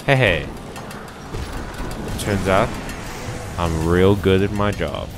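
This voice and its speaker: A man casually commentating a game as he plays, reacting out loud and chatting to his viewers. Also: low voice, slow, music in the background. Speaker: game streamer. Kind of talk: casual let's-play commentary.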